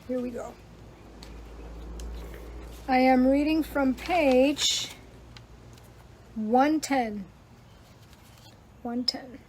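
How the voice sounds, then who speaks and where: A woman with a high voice hosts a live stream as a life coach. She chats casually between passages and reads slowly and deliberately from a devotional book, as if over a webcam. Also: a little hiss or hum, poor audio. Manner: chatty, warm-hearted devotional reader, slows down to read aloud. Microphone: webcam or phone on a live stream.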